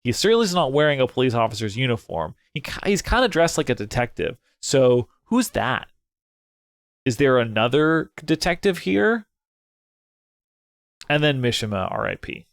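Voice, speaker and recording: A man's voice: mid-range voice, normal speed, no echo, clean studio sound. Young guy rambling through a game, swears, voice jumps around a lot. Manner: excitable, swears, thinks out loud. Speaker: game let's player. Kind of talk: casual gameplay commentary.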